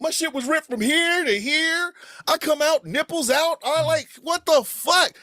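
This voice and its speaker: A man from Kansas City telling a comedic story on a podcast. He talks in an animated, profane way, acting out the voices of the people in it and breaking into shouts. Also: extremely high pitch, a little slow, dry recording, studio quality. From Kansas City, USA.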